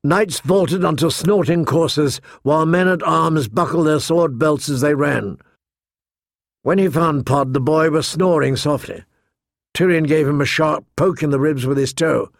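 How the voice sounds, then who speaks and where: A man reads a fantasy novel aloud in a steady, measured storytelling voice. His tone is slightly raised for a man and noticeably gravelly, recorded close and dry with no room sound. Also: a little high, dry recording. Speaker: audiobook narrator. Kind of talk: scripted narration.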